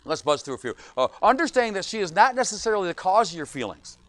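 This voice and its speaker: Preaching an evening sermon, a male pastor speaks fast in a high, highly animated voice that jumps up and down. He voices the people he quotes in brief snippets, and the recording is close and dry with no echo.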